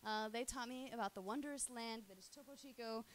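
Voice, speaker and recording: Profane, rambling woman with a higher voice. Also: brisk, a little hiss or hum. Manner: crude, profane, rambling with many fillers. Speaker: live streamer. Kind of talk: casual rambling monologue.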